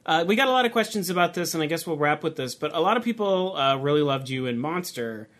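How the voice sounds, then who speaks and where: A man's voice: on the high side, lively intonation, fast, a bit bright. A man hosting a casual interview, chatty and rambling, often laughing between his points. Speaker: interview host.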